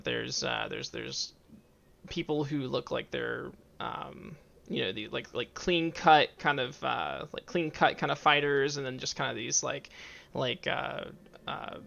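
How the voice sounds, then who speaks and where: Halting, gravelly-voiced game master. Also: male voice, medium pitch, steady tone, bright, forceful tone, lo-fi sound, slight background noise. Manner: halting, full of fillers and restarts. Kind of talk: narrating a tabletop game.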